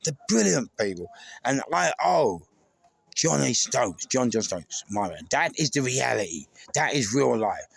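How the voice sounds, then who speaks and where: A man's voice: mid-range voice, very animated, measured pace, gravelly, slightly rough, no echo. A middle-aged man with a London accent, speaking an emotional, rambling tribute to camera with many restarts. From England. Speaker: vlogger. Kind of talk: casual tribute monologue.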